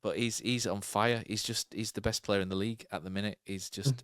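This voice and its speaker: Low, smooth-voiced man chatting football. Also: fairly even intonation, fairly quick, a bit bright, no echo, clean studio sound. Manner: rambling, thinking aloud with fillers and tag questions. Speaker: podcast co-host. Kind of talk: casual football chat.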